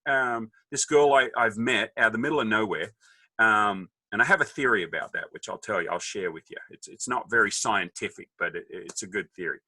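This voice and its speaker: A middle-aged Australian man, a podcast guest, telling stories in a jokey, animated way and acting out the voices of people he quotes. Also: medium pitch, no echo. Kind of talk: casual storytelling.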